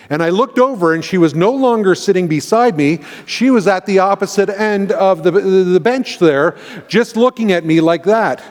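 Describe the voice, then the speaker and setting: A Canadian man, a pastor, telling an earnest, emotional personal story in a sermon, with many restarts. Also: high-pitched. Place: large church sanctuary. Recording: long hall reverb.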